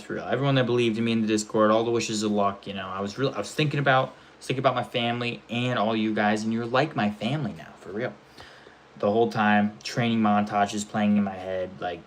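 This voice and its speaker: A young man streaming live, telling a rambling, animated story in casual chat and swearing often. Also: on the low side, a little hiss or hum.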